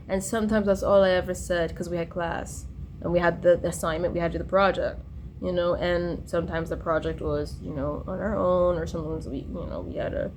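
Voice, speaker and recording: Speaking a little fast in a steady, lowish voice, a young woman rambles through a personal vlog. She wanders tangentially from story to story with frequent fillers and restarts, over a slight hiss or hum.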